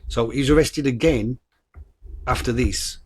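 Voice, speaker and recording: A man's voice: mid-range voice, measured pace, slightly rough. A man hosting a true-crime podcast, talking bluntly with swearing, stumbles and restarts, and reading from his notes. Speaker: podcast host.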